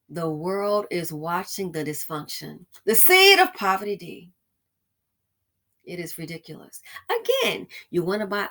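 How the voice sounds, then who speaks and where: A woman's voice: medium pitch, a bit bright. A woman hosting her own commentary channel, ranting in a sarcastic, scolding and emphatic way.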